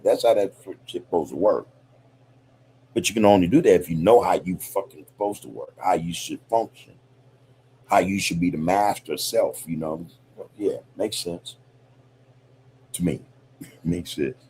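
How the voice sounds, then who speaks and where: A man's voice: sits low, normal speed, long pauses, dark tone, slight background noise. A man hosting a podcast, talking in a reflective, loose, profane way, peppered with "you know, man". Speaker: podcast host. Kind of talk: casual podcast monologue.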